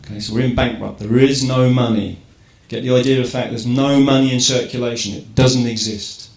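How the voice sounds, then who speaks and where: In a reverberant event hall with faint ambience, a man from England addresses an audience in a mid-range, darkish voice that moves fairly quickly with fairly even intonation. His talk is chatty, full of rhetorical questions and frequent "right?" check-ins.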